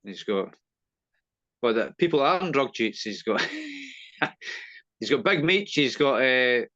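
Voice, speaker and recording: A man's voice: mid-range voice, sing-song, takes it slowly, fairly bright tone, no room sound. A man as co-host in casual chat, agreeing with short replies that often end in 'eh'. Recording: dry muffled lo-fi audio.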